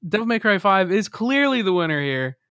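A man with a fairly high voice co-hosts a gaming podcast, talking with enthusiasm and teasing his friends. His voice sounds close and dry. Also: sing-song, fairly quick, a bit bright, smooth, no room sound. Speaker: podcast co-host. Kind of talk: casual gaming podcast chat.

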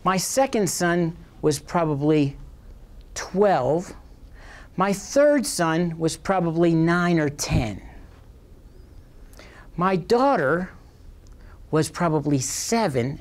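Animated, lively-voiced male professor. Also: a little high. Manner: animated, bawdy, self-mocking. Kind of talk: comic storytelling lecture. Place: lecture hall.

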